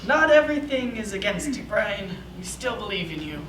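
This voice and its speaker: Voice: mid-range voice, sing-song, normal speed, natural voice. A performer acting a courtly, doting old grandfather in a staged reading of a play. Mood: earnest. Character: genteel old man with pickleball paddle. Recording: echoey room, distant mic, noise.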